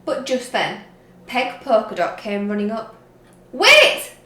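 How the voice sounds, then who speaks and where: A woman teacher reading a story aloud to young children, slowly and expressively. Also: medium pitch, echoey room. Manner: slow, expressive read-aloud. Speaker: reception teacher.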